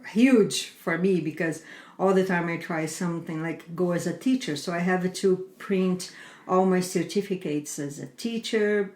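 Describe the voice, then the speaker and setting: A middle-aged woman telling her life story as a guest in a conversation, in earnest, halting speech with non-native phrasing. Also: on the low side, a little mellow. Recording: roomy echo.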